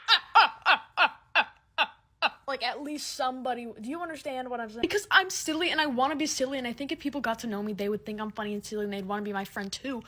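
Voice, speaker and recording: A woman's voice: on the high side, a bit bright. A teenage girl ranting sarcastically and dramatically to camera in a comedic monologue. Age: teens. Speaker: comedic creator.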